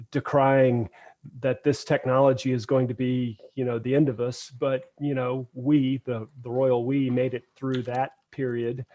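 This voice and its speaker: A man hosting a podcast, asking long questions in a halting way, with many restarts and fillers. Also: mid-range voice, a little mellow. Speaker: podcast host.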